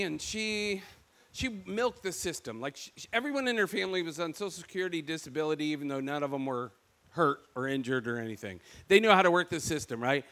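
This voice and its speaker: A man from Michigan with a Michigan accent, preaching a sermon in an animated storytelling way. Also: sits high. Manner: animated storytelling, acts out quoted voices.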